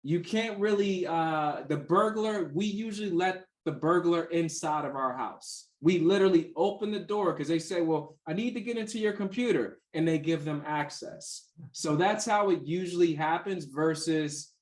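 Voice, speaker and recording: A man's voice: a little high, normal speed, hardly any pauses. Chatty man in an echoey room. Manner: chatty, anecdotal, many fillers and restarts. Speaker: cybersecurity instructor. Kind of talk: casual explanation answering questions.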